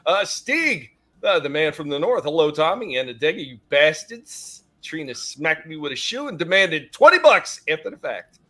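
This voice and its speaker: A man's voice: a little high, sing-song, moderate pace, few pauses, sharp tone. A man hosting a casual live-stream chat, joking, cussing and greeting chat viewers by name. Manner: jokey, rambling, cusses, reads chat names. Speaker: host.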